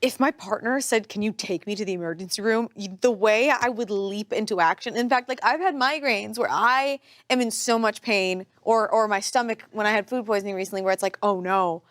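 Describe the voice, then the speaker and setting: A woman co-hosting a podcast, talking in an earnest, animated way and laughing easily. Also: medium pitch, a little fast, hardly any pauses. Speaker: podcast co-host. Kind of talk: casual chat.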